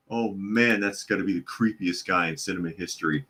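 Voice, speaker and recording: A man's voice: sits low, brisk, pushed and bright. A man hosting a live news talk podcast, reading out chat comments in a sarcastic, opinionated and rambling way. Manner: rambling with fillers and repeats. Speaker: podcast host.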